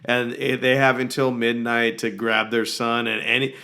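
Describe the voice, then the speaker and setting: A man with a hoarse, gravelly voice co-hosts a casual podcast. He talks bluntly and swears freely, his rasp worn down from yelling. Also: mid-range voice, little pitch movement, moderate pace. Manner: blunt, profane ranting. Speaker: podcast co-host. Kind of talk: casual chat.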